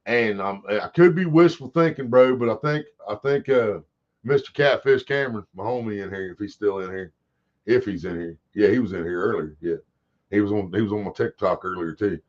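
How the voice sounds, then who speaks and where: A man rambles through a casual livestream, swearing freely as he chats with viewers. His voice sits a little low. The audio is dull and lo-fi. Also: fairly quick. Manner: profane, rambling, talks to chat. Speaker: livestream host.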